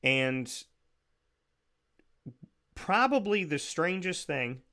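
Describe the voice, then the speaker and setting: A bright, forceful man hosts his radio show in a rambling monologue. He sounds sarcastic and incredulous, tripping over restarts as he piles on his disbelief. His voice sits a little high for a man. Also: big pitch swings, very slow.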